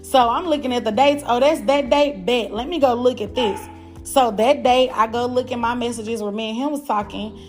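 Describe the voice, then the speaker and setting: A young woman hosting a podcast, telling a personal story in a blunt, animated, profane way and talking straight to her listeners. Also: on the high side. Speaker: podcast host. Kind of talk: casual storytelling.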